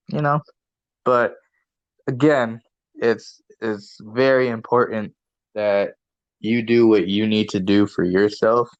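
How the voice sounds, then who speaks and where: A man's voice: deep voice, clear, resonant tone, no room sound. Male co-host, laid-back and rambling, casual swearing, muffled dry sound. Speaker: podcast co-host. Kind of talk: casual chat.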